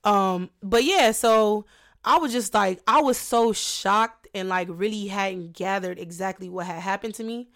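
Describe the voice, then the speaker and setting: A woman's voice: mid-range voice, measured pace. A woman barber, a guest on a podcast, telling a story in casual, slangy chat and acting out what others said. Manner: animated, slangy, acts out quoted voices.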